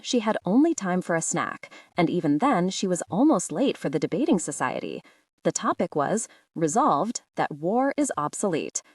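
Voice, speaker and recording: A woman narrating a literary short story audiobook in a measured, expressive storytelling manner. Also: lowish voice, no room sound, clean studio sound.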